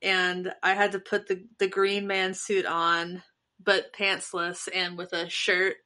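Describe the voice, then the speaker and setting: A woman's voice: fairly low pitch, completely flat delivery, slow, pushed and bright. A woman co-hosting a casual podcast chat, playful and jokey, laughing often. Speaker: co-host.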